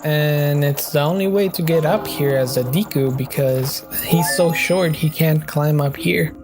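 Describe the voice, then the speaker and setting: A man's voice: a little high, a little slow, over music. A man casually narrating his gameplay in a rambling, joking way. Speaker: gaming video host.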